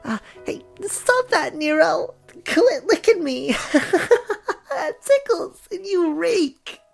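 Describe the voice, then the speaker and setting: A brusque, tomboyish young woman with a cynical streak, as a man puts her on, talking in a lively, swooping voice with a gravelly edge. Faint music plays behind her in this visual novel reading. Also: sits high, a little slow, heavily acted. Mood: giggly. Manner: brusque, teasing.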